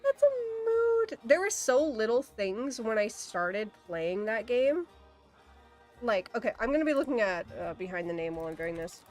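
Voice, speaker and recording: A woman's voice: mid-range voice, animated, moderate pace, faint music behind. A woman livestreaming in casual, rambling chat, swearing easily and saying "like" a lot.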